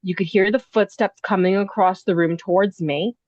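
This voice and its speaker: A woman's voice: medium pitch, fairly even intonation, normal speed, darkish tone, no echo. A woman, an inn owner and podcast guest, telling a personal ghost story in a breathless, rambling way full of "like" and "you know". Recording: dull, dry lo-fi audio.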